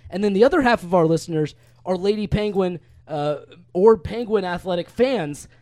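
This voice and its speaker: A young male sports radio host talking live from a dry studio. His voice sits a bit high, and he recaps the game briskly, full of scores and stats. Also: animated, a little mellow, no echo. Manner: brisk, stat-heavy play-by-play recap.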